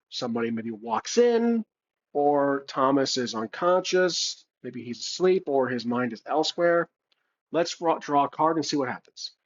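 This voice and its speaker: Brief: man narrating his own solo game, unhurried and thinking aloud, muffled home mic. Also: mid-range voice. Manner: thinking aloud, unhurried, with fillers and self-corrections. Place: home room with a cat.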